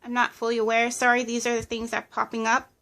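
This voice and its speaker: A woman with a fairly high voice talks through a tarot reading. She lists impressions as they come, pausing and hedging with plenty of fillers. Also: monotone, creaky, fairly bright tone. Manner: hesitant, channeling impressions, many fillers. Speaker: tarot reader. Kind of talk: casual pick-a-card reading.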